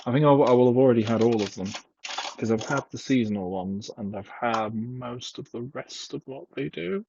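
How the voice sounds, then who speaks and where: Chatting casually into a headset mic from home, a young man rambles, leaning on fillers and self-deprecating remarks. His voice is medium-pitched, creaky and at normal speed, with background noise present. The recording is dull, lo-fi and clipping.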